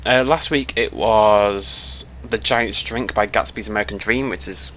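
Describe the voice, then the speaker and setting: A man's voice: fairly low pitch, a little slow, a bit bright. Chatty British young man rambling on a road trip. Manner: chatty, rambling, self-interrupting. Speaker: YouTuber. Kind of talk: casual chat to camera. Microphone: headset mic.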